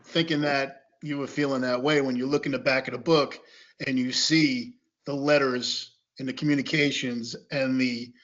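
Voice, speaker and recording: A man's voice: mid-range voice, fairly even intonation, normal speed, fairly bright tone. A man hosting a fan podcast, asking loose conversational questions of his guest. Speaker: podcast host. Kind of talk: casual interview questions. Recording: muffled podcast audio.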